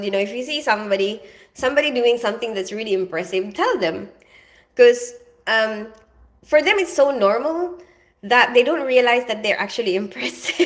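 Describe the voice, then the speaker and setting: A woman's voice: a little high, a bit bright. A middle-aged woman chatting casually on a live stream, rambling and greeting viewers by name, with lots of "you know" and "like". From half Filipino, half British. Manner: chatty, rambling, reads viewer comments aloud.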